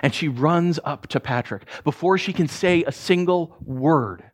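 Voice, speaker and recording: A man preaching by telling a story, speaking softly and haltingly with frequent restarts. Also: on the high side. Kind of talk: sermon storytelling.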